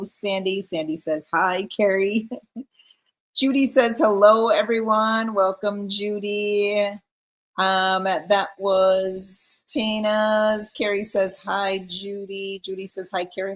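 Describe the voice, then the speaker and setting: A woman's voice: medium pitch, a bit bright. A woman hosting a live craft stream, chatting casually and reading viewer comments aloud. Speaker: craft livestream host. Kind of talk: casual livestream chat.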